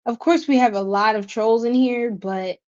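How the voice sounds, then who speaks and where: A bubbly woman with a fairly high voice chats with her livestream viewers, greeting them by name and laughing between slangy asides. The audio is a little dull and lo-fi. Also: normal speed, a little mellow. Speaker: tarot reader livestream host. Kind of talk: casual livestream chat reading comments.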